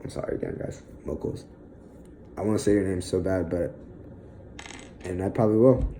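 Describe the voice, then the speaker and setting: A young man speaks in a low, dark voice, halting and emotional, close to tears. He trails off in pauses, sighs and fillers. A faint hiss of noise sits under the recording. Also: fairly even intonation, low-quality recording. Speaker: vlogger. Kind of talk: emotional personal monologue.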